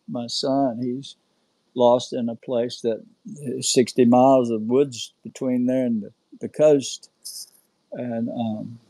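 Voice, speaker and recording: A middle-aged man telling a personal story in an earnest, halting way, with many fillers. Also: medium pitch, mellow, dry recording, poor audio. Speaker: guest recounting an experience. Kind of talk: casual storytelling on a live audio chat.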